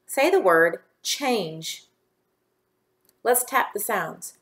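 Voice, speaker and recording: Her medium-pitched voice swings widely in pitch as this woman teacher records a phonics lesson for small children. She goes slowly and clearly, patiently sounding out each word and then spelling it letter by letter.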